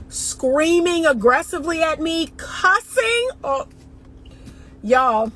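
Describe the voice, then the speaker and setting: A middle-aged woman from the northern US gives dating advice in an emphatic, chatty way, talking straight to her audience. Her voice sits a touch high for a woman, and she leans hard on her points. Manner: emphatic, talks straight to viewers as y'all. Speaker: dating coach. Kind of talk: casual livestream chat.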